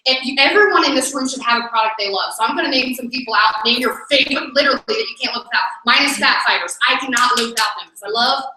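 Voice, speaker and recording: A woman's voice: high voice, fast, hardly any pauses, a little hiss or hum. A woman leading a team meeting, giving an upbeat motivational talk and speaking straight to the audience. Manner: upbeat, energetic, addresses the audience directly. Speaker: network marketing team leader. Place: meeting room. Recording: echoey room, mic from far off.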